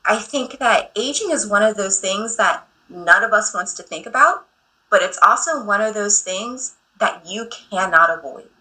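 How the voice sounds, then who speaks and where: A woman in her thirties speaking as a guest on a radio interview show, candid and quick to laugh at herself. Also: medium pitch, animated, bright, forceful tone, rough recording.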